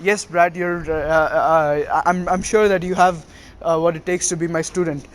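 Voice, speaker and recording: A man's voice: on the high side, fairly even intonation, moderate pace, close to an everyday voice. Man doing a cagey old male sensei. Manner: stumbling, filler-heavy delivery.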